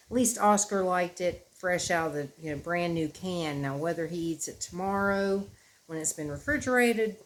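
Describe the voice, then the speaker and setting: A woman's voice: mid-range voice, slight background noise. A woman, talking casually and emotionally to her viewers at home, rambling in a tender way. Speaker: vlogger. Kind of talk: casual chat to camera. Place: at home indoors.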